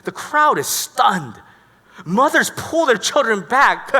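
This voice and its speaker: Animated male pastor in an echoing hall. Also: extremely high pitch, slow. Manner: animated, dramatic storytelling. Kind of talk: sermon. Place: church hall. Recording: echoey church hall.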